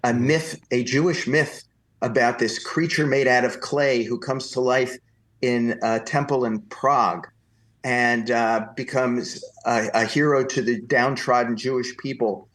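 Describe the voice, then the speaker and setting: A man from New Jersey recounts stories as a podcast guest. His voice sits at a middle pitch. He talks in a lively way and slips into the voices of the people he quotes. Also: measured pace. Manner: animated anecdotal storytelling, acts out quoted voices. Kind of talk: storytelling interview.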